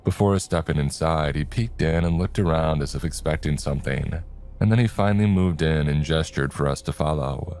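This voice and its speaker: A man narrating a horror story in a steady, even storytelling manner. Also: a bass voice, normal speed, a little hiss or hum.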